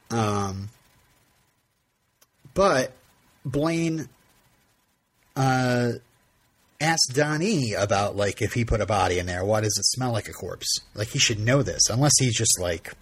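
A man's voice: lowish voice, animated, takes it slowly, long pauses, husky. A man hosting a podcast, retelling a TV episode in casual chat, rambling with frequent laughs and restarts. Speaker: podcast host.

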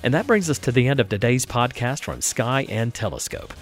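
A man reading a first-person essay aloud as a podcast reader, in a measured, expressive delivery. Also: mid-range voice, faint music behind.

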